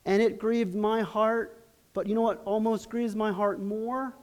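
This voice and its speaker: A middle-aged pastor preaches a sermon, telling stories in an earnest, halting manner with many restarts. His voice is high-pitched and steady in tone.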